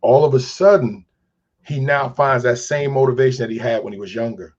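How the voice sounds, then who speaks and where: The audio is dull as a man with a mid-range, darkish voice talks a little fast in an earnest interview. A crisis specialist and mentor, he recounts stories and preaches about feelings, performing the quotes as he goes.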